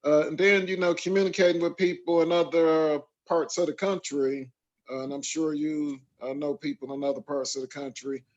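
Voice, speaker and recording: The recording is dull and lo-fi, carrying a Michigan man who hosts a casual podcast in a slightly high, level voice at a moderate pace. He rambles at length, filling his talk with fillers and restarts.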